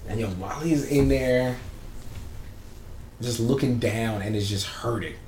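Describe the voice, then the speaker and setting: A man chatting casually as he walks through a TV episode scene by scene, in a loose, slangy, animated way. His voice sits at an ordinary middle pitch. It is picked up from a bit away from the mic, in a roomy space with a faint hum behind him. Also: unhurried, recorded from a distance. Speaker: podcast co-host recapping a TV episode. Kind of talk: casual chat.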